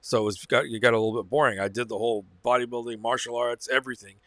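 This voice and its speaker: A man's voice: medium pitch, fairly even intonation, very fast, fairly bright tone. A man with a mid-range voice recounts a personal experience straight to camera, casual and meandering, circling back and restarting his sentences. The sound is dry, with no room echo around him. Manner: rambling, repeats phrases, self-corrects. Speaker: channel host. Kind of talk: casual first-person storytelling.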